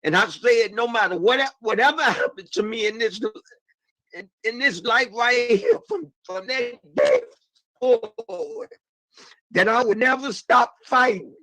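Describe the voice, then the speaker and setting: Impassioned high-voiced man testifying. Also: very animated, a little slow, gravelly, sharp tone, no echo, low-quality recording. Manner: emotional, repetitive, calls out "man" and "y'all". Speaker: panelist sharing personal testimony.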